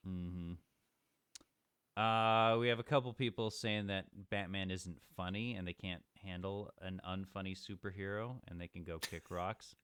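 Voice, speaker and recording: A man co-hosting a comedic podcast, reading listener comments aloud in a sardonic, deadpan way. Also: low-pitched, normal speed, clean tone, no room sound, clean studio sound. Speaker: podcast co-host.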